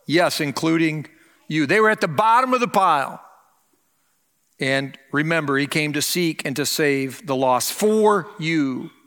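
With an expressive, bright, high-pitched voice, an older man preaches a Christmas sermon from the pulpit of a church sanctuary. He's earnest and slows down to stretch out key phrases, and the space gives the sound a long reverb.

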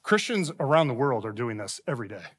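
A man's voice: mid-range voice, sing-song, quick pace, fairly bright tone, slightly rough. Man preaching a conversational sermon. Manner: conversational storytelling with quoted voices. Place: church sanctuary.

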